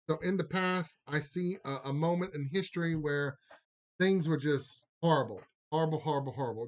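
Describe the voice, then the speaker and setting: A man from the Lafayette area of Louisiana with a Cajun accent, chatting casually on a live stream and doing a card reading. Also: fairly high pitch. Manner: chatty, rambling, drawling "y'all", laughs often.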